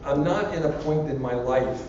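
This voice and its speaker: An older man tells rambling stories and jokes while answering student questions. His voice is mellow and dull on a lo-fi recording. It is caught from far off in a large, echoing hall. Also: mid-range voice, normal speed, a little hiss or hum. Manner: rambling, anecdotal, joking. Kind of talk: casual public Q&A.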